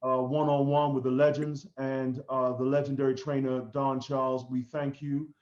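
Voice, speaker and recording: A man hosting a podcast interview, speaking in a formal, courteous way with many pauses filled by ums and uhs. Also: mid-range voice, little pitch movement, a little mellow. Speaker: podcast host. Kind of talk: interview sign-off. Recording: echoey, dull lo-fi room audio.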